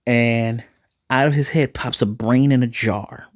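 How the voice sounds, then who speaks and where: Animated man recapping an anime episode. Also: medium pitch, a little slow, no echo, clean studio sound. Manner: animated, retells scenes with quoted lines. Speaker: anime reviewer.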